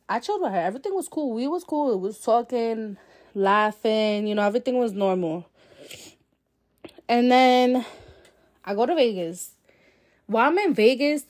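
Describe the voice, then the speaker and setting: A woman's voice: on the high side, a little mellow. A young adult woman hosting a podcast, telling a personal story in a candid, chatty way, with lots of fillers and swearing. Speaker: podcast host. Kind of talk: casual storytelling. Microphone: solo podcast mic.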